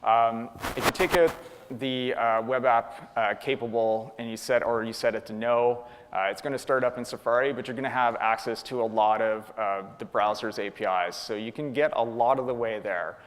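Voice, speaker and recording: A man's voice: medium pitch, moderate pace. A man from Canada speaking at a tech conference, casually answering audience questions with frequent ums and uhs. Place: conference hall. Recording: long hall reverb.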